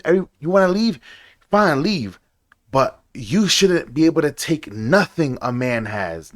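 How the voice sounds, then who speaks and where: A young man hosting a reaction video, ranting casually and swearing often. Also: mid-range voice.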